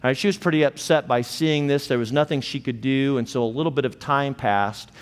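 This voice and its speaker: A male pastor delivers an earnest, measured sermon with a mid-range voice. His words hang in the long reverb of a church sanctuary. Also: mid-range voice. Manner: earnest, measured, slows for emphasis.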